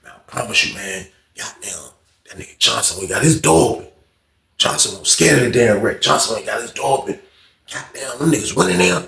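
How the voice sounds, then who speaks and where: A man telling a casual storytime tale, in an animated, slangy and profane way, acting out other people. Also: medium pitch, brisk, vocal fry, reverberant.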